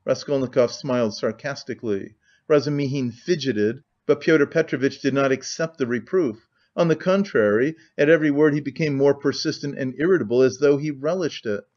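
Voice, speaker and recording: A man narrating an audiobook in a measured storytelling manner. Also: medium pitch, darkish tone, lo-fi sound.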